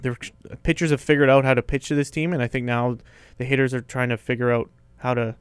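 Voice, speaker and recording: A man's voice: mid-range voice, fast talker, clear, resonant tone, no room sound. A man co-hosting a casual sports podcast, talking baseball and now and then breaking into joking mock voices. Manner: animated, breaks into mock New York voices. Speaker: podcast co-host.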